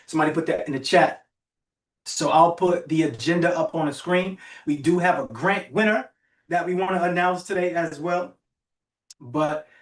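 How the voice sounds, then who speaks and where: A fairly high-voiced man preaches with energy to an online summit audience, repeating phrases and urging people to type in the chat. He sounds set back from the microphone, and the room has a clear echo. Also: far from the mic. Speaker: summit host and motivational speaker. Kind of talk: motivational talk on a virtual summit. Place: virtual event broadcast.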